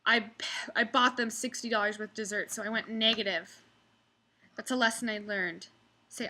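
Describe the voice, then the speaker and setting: Young woman server venting to camera, bright voice, mocking impressions of diners. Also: mid-range voice. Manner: ranting, mocking customers in exaggerated voices. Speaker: restaurant server. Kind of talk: casual storytelling vlog.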